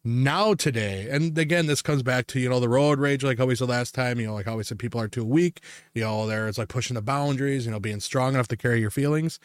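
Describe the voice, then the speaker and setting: A man hosting a podcast talks fast in a clear, resonant, medium-pitched voice, rambling through profane stories and laughing frequently in casual chat. The studio sound is clean, with no echo.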